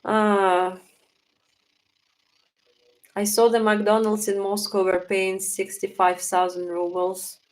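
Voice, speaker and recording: Slow-talking Russian-accented woman. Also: medium pitch, level tone, slight background noise, rough recording. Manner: unhurried, thinking aloud with fillers. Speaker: livestream host reading chat. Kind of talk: casual live chat.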